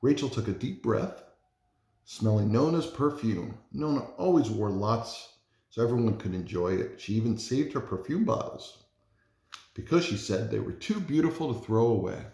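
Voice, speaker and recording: A man, a parent, reading a children's storybook aloud in an expressive, animated way. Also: mid-range voice, moderate pace. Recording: roomy echo.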